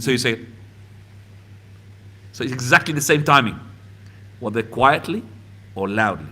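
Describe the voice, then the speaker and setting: A man's voice: mid-range voice, expressive, unhurried, pauses often, bright, forceful tone, breathy edge. A man teaching a small class, patiently explaining and often asking whether the student understands. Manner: patient, asks checking questions. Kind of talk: classroom lesson. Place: mosque classroom.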